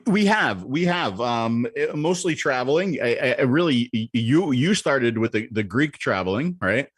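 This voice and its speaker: A man co-hosting a casual live stream with teasing, playful banter. His pitch swings widely as he talks, and the close mic gives a dry, dead sound. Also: lively intonation, normal speed, breathy edge, no room sound. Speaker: co-host.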